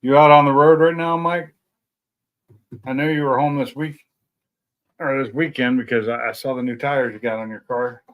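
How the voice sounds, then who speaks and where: A man's voice: mid-range voice, steady tone, moderate pace, long pauses. Male stream host, casual home chat, easygoing and self-deprecating, mid-range voice. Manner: rambling, chatty, self-deprecating. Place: at home at night.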